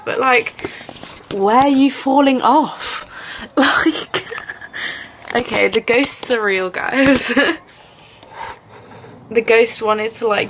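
A woman's voice: medium pitch, a bit bright, a little hiss or hum. A young woman from England vlogging casually to camera, rambling with many fillers and frequent giggles. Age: young adult.

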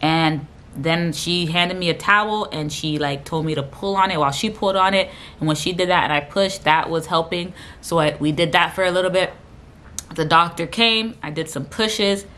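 A woman's voice: on the low side, fairly bright tone. A young woman vlogger telling a personal story to camera in a casual, rambling way with lots of fillers. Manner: fast, rambling, lots of fillers and quoted dialogue.

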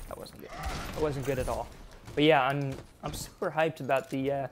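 A man giving casual, excitable gameplay commentary, laughing and easily distracted as he plays. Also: medium pitch, moderate pace, slight background noise. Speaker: gaming YouTuber.

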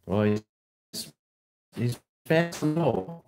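A man chatting casually on a home vlog, talking to his dog in a high sing-song voice at times. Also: lively intonation, slow, a little mellow, echoey room, faint music behind. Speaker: vlogger. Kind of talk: casual chat to camera. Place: at home near a garage.

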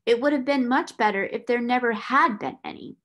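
A woman reading aloud, voicing a dry, sharp-featured solicitor who speaks in a curt, snappish, critical manner. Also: on the high side, brisk, lightly acted. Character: brusque, dry little male solicitor.

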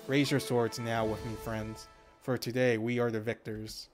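A man's voice: mid-range voice, little pitch movement, normal speed, faint music behind, lightly acted. A man voicing a hearty, commanding noble lord, reading the game dialogue aloud formally. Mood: rallying. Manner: read-aloud, formal, rallying.

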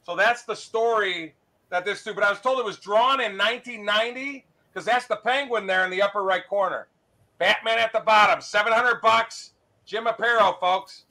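A man with a high, very bright, forceful voice sells comic art live, using quick salesman patter and repeating his prices again and again. The audio is poor.

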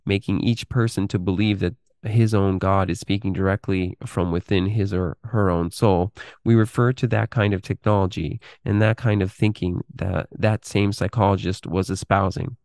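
A man hosting a podcast, reading a text aloud in a deliberate way and breaking off into unscripted commentary full of fillers. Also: deep voice, darkish tone, dry recording, clean studio sound. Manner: deliberate reading, halting with fillers when speaking freely. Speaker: podcast host.

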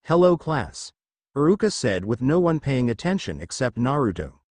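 A man reading a fan fiction story aloud as narrator, with an even storytelling delivery. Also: mid-range voice, fairly quick, no echo.

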